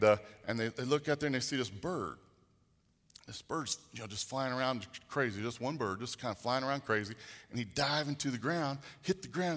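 A man's voice: medium pitch, a bit bright, big-room sound. A man preaching a sermon, telling a story in a rambling, folksy way with frequent restarts. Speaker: pastor.

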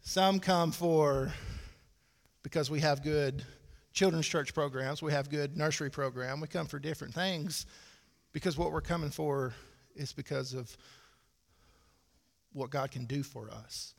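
Male pastor, 30s, gravelly, folksy sermon delivery, church hall reverb. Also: on the high side, measured pace. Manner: folksy, conversational preaching with dry asides. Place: church sanctuary.

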